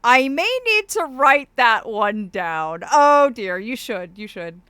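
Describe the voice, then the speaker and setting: Woman streamer doing a fey persona, bright voice, calls everyone darling, lots of laughs, speech a bit off from a swollen cheek, dry close mic. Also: on the high side, sing-song, slow, clean tone, no echo. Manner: theatrical and fond, calls viewers darlings, laughs often. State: speech slightly impeded by a swollen cheek wound. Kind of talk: casual live-stream chat, reading out viewer messages.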